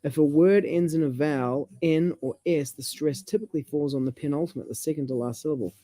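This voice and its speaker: A man, chatting casually about language and reading passages aloud with halting restarts. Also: fairly high pitch, warm tone.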